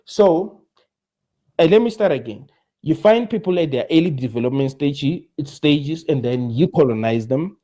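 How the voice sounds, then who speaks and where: A man's voice: a little high, lively intonation, normal speed, mellow. A man appearing as a guest, arguing insistently and pushing to be heard. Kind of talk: heated argument.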